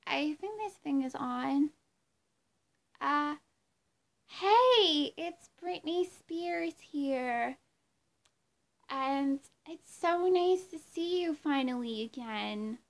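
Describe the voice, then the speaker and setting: A woman doing an impression of a bubbly young female pop star, speaking slowly and sweetly. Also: sits high, animated, creaky, exaggerated voice. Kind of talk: celebrity impression.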